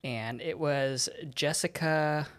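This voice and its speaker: A woman's voice: low voice, takes it slowly, smooth. A woman co-hosting a casual podcast, playful and giggly as she teases herself. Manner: giggly, playful, self-teasing. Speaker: podcast co-host. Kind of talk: casual chat.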